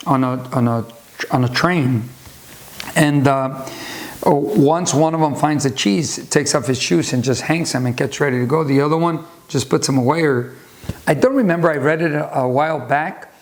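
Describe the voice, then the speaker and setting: A man hosting a video channel, talking casually and rambling through a book recommendation with many restarts and side stories. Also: fairly high pitch. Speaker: YouTube host discussing a book. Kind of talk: casual unscripted talk.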